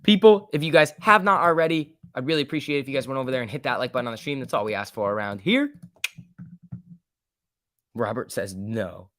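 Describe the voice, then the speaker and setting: A young man hosting a casual stock trading livestream, joking and reading chat aloud, his voice swinging between loud and soft. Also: mid-range voice, a little fast, dry recording, clean studio sound.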